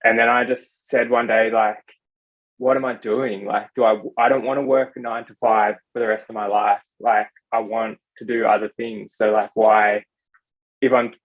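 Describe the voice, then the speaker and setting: A man's voice: on the low side, little pitch movement, normal speed. Casual man, slightly muffled. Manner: casual, many "like" fillers. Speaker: podcast guest, software developer. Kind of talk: casual chat. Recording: slightly dull lo-fi sound.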